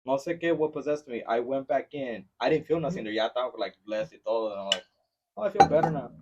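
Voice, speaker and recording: Fast-talking man on a dull lo-fi mic. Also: mid-range voice, recorded from a distance, a little hiss or hum. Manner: fast, animated, profane storytelling. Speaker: podcast guest. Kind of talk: casual chat. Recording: dull lo-fi sound.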